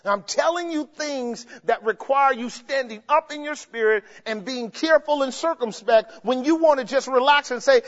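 A man preaching a sermon, emphatic, swinging between shouts and low murmurs and asking the congregation rhetorical questions. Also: moderate pace, hardly any pauses. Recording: dull sound with long hall reverb.

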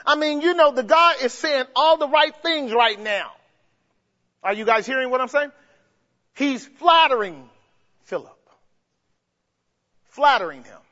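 High-voiced preacher in an echoing hall. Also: male voice. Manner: emphatic, swings between shouts and low murmurs, asks the crowd rhetorical questions. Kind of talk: sermon. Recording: dull sound with long hall reverb.

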